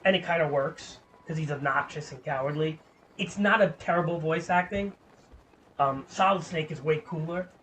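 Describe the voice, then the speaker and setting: A man's voice: fairly high pitch, normal speed, a bit bright, slight background noise. A man streaming a game, chatting in a casual, rambling way, swearing freely and filling with "like". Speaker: gaming streamer.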